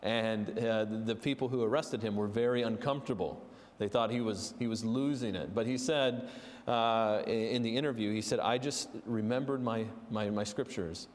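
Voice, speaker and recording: A man's voice: fairly low pitch, moderate pace. A man preaching a sermon, earnest and storytelling, with fillers and restarts. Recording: long reverb of a large hall.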